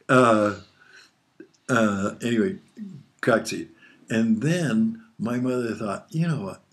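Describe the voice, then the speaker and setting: Older man chuckling through family stories. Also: on the low side. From Hawaii. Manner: chuckling, rambling storyteller. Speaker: father being interviewed. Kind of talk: casual storytelling.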